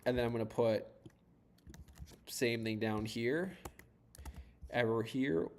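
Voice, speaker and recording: A man's voice: medium pitch, slow, a little hiss or hum. A man from south of Boston talking casually on a live stream while he debugs code, rambling, laughing often and swearing casually. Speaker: startup founder coding on a livestream.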